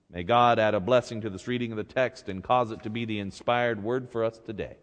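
A man's voice: mid-range voice, fairly quick, hardly any pauses. Man preaching in a long, echoing hall. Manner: reads scripture, then retells it in a casual, joking way. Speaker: pastor. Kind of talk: sermon.

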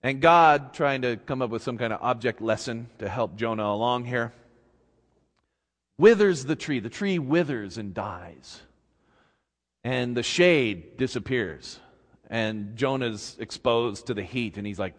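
A man pastor preaching a sermon in a church, telling a story in an animated, folksy way. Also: mid-range voice, measured pace. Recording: long reverb in a big hall.

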